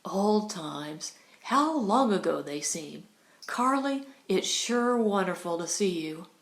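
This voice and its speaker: A woman reading an audiobook, voicing a young, brawny Western man with a lower, husky voice and a mild, teasing manner, in a roomy, echoey recording. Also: animated, slow pace. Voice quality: deeper and husky. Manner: mild, teasing and half sad. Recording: roomy echo.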